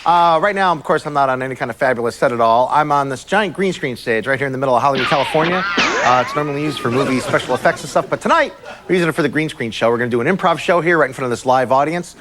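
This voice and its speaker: A man's voice: medium pitch, racing. A man hosting an improv comedy show to a live audience, chatty and loose with filler sounds. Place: large green-screen soundstage with a live audience. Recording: live studio audience and background noise.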